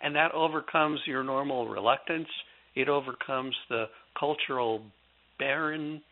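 A man who is an author being interviewed on a radio show, speaking reflectively with halting restarts over a phone line. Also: medium pitch. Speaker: guest author.

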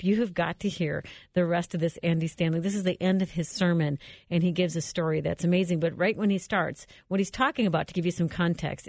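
A woman with a lowish voice hosts a devotional talk show, earnest and reflective. She is recorded close and dry, with no room sound. She sets up each clip before it plays. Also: a little mellow, no echo. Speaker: host.

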